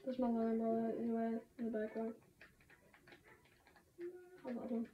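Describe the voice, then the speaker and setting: A woman streaming a game, chatting excitably with sudden shouts and laughs. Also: on the high side, unhurried. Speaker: gamer streaming a match. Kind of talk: excited gaming commentary. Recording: roomy, distant, dull lo-fi sound with faint noise.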